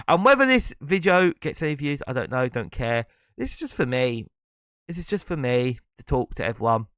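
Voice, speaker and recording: A man's voice: medium pitch, fairly bright tone, no echo, studio quality. A man hosting his own podcast, talking alone in a rambling, reflective way and breaking into laughs now and then. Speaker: podcast host and streamer. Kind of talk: casual solo monologue.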